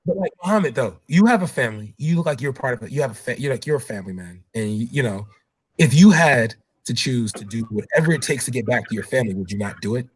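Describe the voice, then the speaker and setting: A man's voice: mid-range voice, animated, fast, slightly rough. A man hosting a casual debate, hedging with "like" and asking pointed questions. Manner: hedging, uses like a lot, asks pointed questions.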